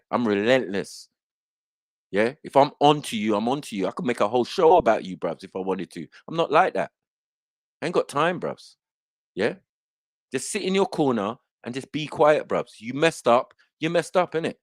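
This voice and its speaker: A brash man hosts an online panel and goes on a heated, boastful rant full of swearing. His pitch swings up and down a lot as he talks. The sound is dry and close to the mic. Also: no room sound. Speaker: host of an online panel show.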